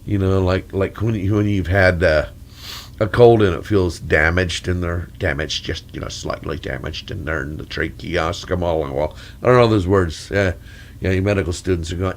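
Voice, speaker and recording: This storyteller's voice sits low and moves at a normal pace, crackly and congested from a cold. He rambles through a long mic check full of corny jokes and wandering asides.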